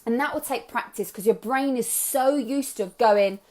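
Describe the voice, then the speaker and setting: A woman's voice: fairly high pitch, normal speed. A young adult woman coaching a live group on self-love, upbeat and chatty, encouraging her listeners and slipping into playful voices.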